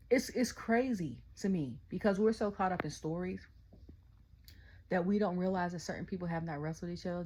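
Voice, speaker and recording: A young adult woman, ranting casually about a wrestling event, telling it in animated quotes and often asking "okay?". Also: lowish voice, slightly rough. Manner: animated storytelling, quotes her own reactions, frequent "okay?". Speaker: wrestling review vlogger. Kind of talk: casual rant.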